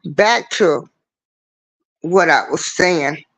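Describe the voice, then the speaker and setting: Slow, earnest man hosting a livestream. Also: a little high, fairly bright tone. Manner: earnest, preachy, repeats his points. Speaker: livestream show host. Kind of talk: casual livestream talk. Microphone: computer mic on a livestream.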